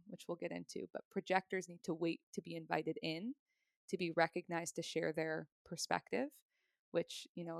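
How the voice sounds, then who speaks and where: A woman's voice: on the low side, vocal fry, no room sound, studio quality. A woman, likely in her thirties, chatting as a podcast guest, explaining ideas in a friendly, talkative way and laughing often. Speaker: podcast guest, human design reader. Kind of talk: casual podcast conversation.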